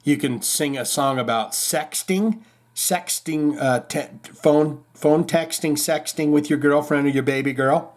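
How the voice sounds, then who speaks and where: A man's voice: a little high, a little slow. Rambling male rock-news podcaster. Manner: rambling, offhand, with many fillers and restarts. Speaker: podcast host. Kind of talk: casual rock news chat.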